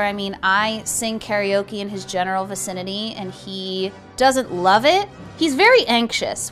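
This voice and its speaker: Chatty young woman with lively pitch. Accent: New Jersey. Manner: chatty, self-deprecating, jokey. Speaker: cooking video host. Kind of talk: casual cooking vlog. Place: home kitchen.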